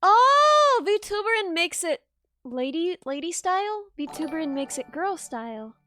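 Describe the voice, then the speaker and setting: A woman's voice: very high-pitched, expressive, normal speed, no room sound. A woman streamer chatting casually with her viewers, giggling often in a bubbly, self-deprecating way. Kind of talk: casual livestream chat.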